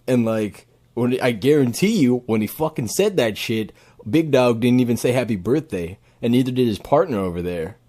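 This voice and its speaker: A man's voice: medium pitch, lively intonation, normal speed, dark tone. A man streaming casual reaction commentary, cracking crude jokes and laughing often.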